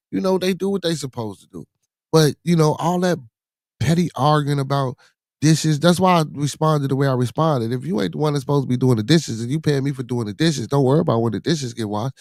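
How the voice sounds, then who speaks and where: A man's voice: a little high, creaky, a little mellow, no room sound. Profane middle-aged man, dry mic. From Chicago, USA. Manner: profane, rambling, with many repeated fillers. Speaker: podcast host. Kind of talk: casual podcast monologue.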